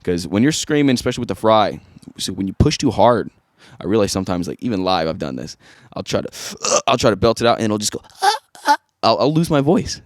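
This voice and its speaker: A man with a fairly low voice talks through a vocal lesson in a relaxed, casual way. The sound is dry and close, with no room echo. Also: fast talker. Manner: casual, easygoing instruction. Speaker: vocal coach. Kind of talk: singing tutorial.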